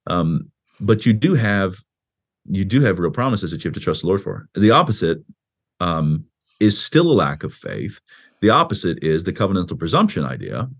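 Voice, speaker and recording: A man's voice: low-pitched, moderate pace, breathy edge. A man, a pastor and author, explaining his views in a podcast interview in a conversational way, often restarting and acting out quotes in a raised voice. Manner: animated, acts out quoted speech with a raised voice; conversational with frequent restarts and "you know".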